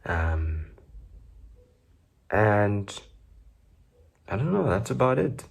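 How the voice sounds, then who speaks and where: A man's voice: lowish voice, big pitch swings, very slow, creaky. A South African man with a South African accent, hosting his podcast in loose, joking solo chat full of fillers. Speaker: podcast host.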